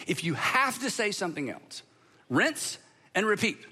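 A man with a high, bright voice delivers a sermon in a large hall. He is emphatic, lingers on slow, weighty pauses, then speeds up in lively bursts. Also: breathy edge. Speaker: pastor.

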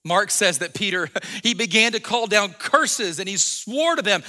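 Man, pastor, sermon, conversational storytelling, high voice. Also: animated, normal speed, few pauses, sharp tone, in a large hall. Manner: conversational storytelling, acts out quotes, frequent restarts.

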